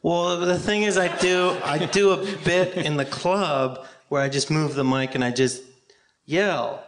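A man's voice: fairly high pitch, a little slow, noisy background. Dry self-deprecating Canadian man. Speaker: comedian guest. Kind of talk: casual comedic chat.

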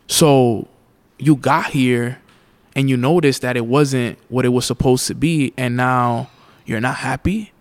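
Man telling a motivational story. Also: mid-range voice. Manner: addresses the listener as "you", many fillers, repeats key lines slowly. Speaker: motivational speaker.

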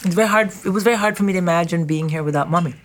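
A woman comedian from India, talking candidly over lunch in an interview, blunt and animated as she tells stories with quick asides. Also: lowish voice. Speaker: stand-up comedian, guest. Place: at a restaurant table over lunch.

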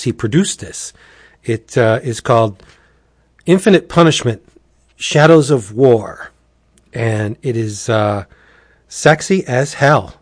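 A man from Pennsylvania, USA, co-hosts a casual podcast chat at home on a home recording setup, his mid-range voice coming through clean and studio-like with no room sound. He is jokey and prone to stumbling over his words.

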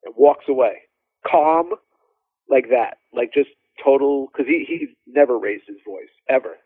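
A male drummer telling animated stories as a podcast guest, with lots of fillers and restarts. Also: mid-range voice, measured pace, no echo. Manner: animated, laughing storyteller, many fillers. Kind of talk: casual storytelling interview. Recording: dry phone-like line.

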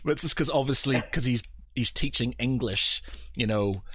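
A man's voice: mid-range voice, moderate pace, fairly bright tone, a little hiss or hum. A man with a Northern Irish accent hosting a podcast in casual chat, telling stories and mimicking other people. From Northern Ireland. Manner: chatty storyteller, mimics others with laughs. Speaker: podcast host.

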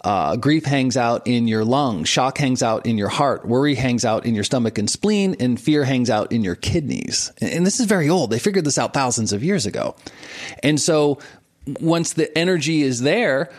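Animated man in his forties explaining. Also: fairly high pitch. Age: 40s. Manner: animated, teaching with examples and frequent laughs. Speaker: martial arts and meditation teacher, guest. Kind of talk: explanatory interview talk.

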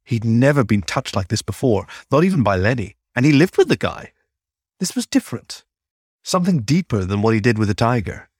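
A man narrating a story in a measured, unhurried way. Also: medium pitch, big pitch swings, a little mellow, husky, no echo, clean studio sound. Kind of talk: audiobook-style story narration.

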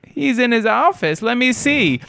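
A man's voice: very high voice, very animated, normal speed, gravelly, pushed and bright, no room sound, studio quality, voice pushed up, heavily acted. A man putting on a sweet gushing old wife. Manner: gushing, sing-song.

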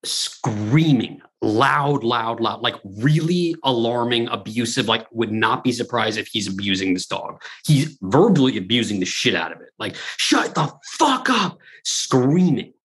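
A man co-hosting a podcast in casual banter, rambling and animated with frequent restarts and profanity. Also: fairly low pitch, moderate pace, hardly any pauses, husky. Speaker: podcast co-host.

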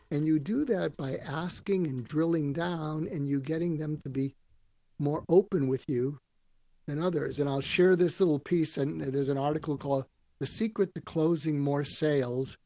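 A man telling stories in an interview, acting out quoted lines with lively voices. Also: on the high side, unhurried. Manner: animated storyteller acting out quotes. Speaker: guest, author and speaker. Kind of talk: storytelling interview answers.

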